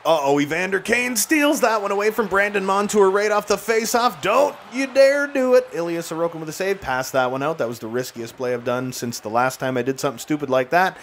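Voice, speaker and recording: A man doing excited, jokey play-by-play commentary while playing a hockey video game. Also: fairly high pitch, fast talker, few pauses, a little hiss or hum. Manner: excitable, jokey, bursts into shouts and laughs. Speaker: gaming YouTuber.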